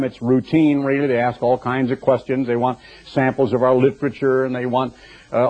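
An older man preaching a radio sermon in a conversational, digressive and emphatic way. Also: medium pitch. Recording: dull lo-fi recording.

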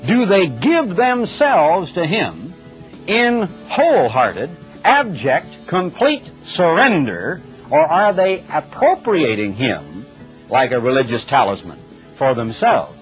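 A male radio preacher delivering a sermon in plain, emphatic everyday speech, his pitch rising and falling a great deal. His voice sits a little high. The sound is dull and lo-fi, with faint music underneath. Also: wildly swooping pitch, slow. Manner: plain-spoken, emphatic, conversational. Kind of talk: broadcast sermon.

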